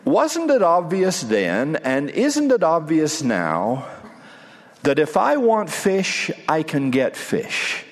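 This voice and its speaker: Earnest, pleading Jesus, voiced by a male preacher; expressive and slow. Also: fairly high pitch, pitched above the performer's own voice, heavily acted. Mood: fervent. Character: Jesus, a grown man, earnest and searching. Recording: long hall reverb.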